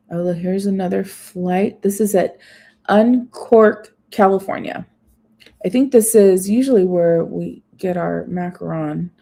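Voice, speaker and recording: A woman's voice: on the low side, creaky, warm tone. A woman vlogger chatting casually on a live stream, reading menu items aloud with small asides. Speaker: food vlogger.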